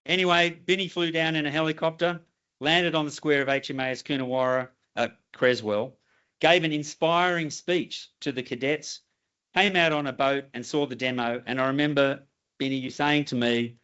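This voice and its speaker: A man giving a formal ceremony speech, telling anecdotes with halting restarts. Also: fairly high pitch, fairly even intonation, fairly bright tone, clear, resonant tone. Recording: slightly dull lo-fi recording.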